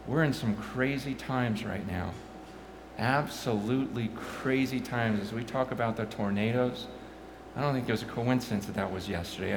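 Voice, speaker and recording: A man in his forties preaching a sermon, animated and stammering, climbing loud and high when excited. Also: echoey room, noisy background. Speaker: pastor.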